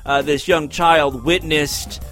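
A man's voice: fairly high pitch, steady tone, takes it slowly, fairly bright tone, faint music behind. A man hosting a crude comedy podcast, introducing clips with sarcastic quips. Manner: sarcastic, wisecracking. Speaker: podcast host.

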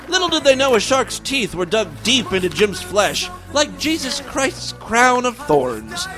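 Host: high, lively male voice reading raunchy comic tales over a music bed. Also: unhurried, hardly any pauses, low-quality recording. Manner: animated, crude, jokey. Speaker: podcast host. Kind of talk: comedic story narration.

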